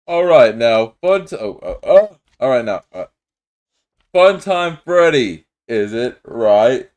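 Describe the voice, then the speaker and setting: A man's voice: medium pitch, big pitch swings, slow, darkish tone. A man voicing a flustered male judge in a Minecraft roleplay, stumbling over his words as he runs the court. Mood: judging.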